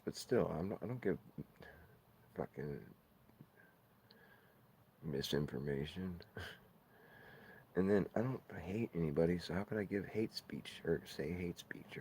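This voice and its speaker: A man's voice: low-pitched, expressive, moderate pace, long pauses, dark tone, slight background noise. A man on a live stream, talking in a rambling, profane rant full of playful wordplay.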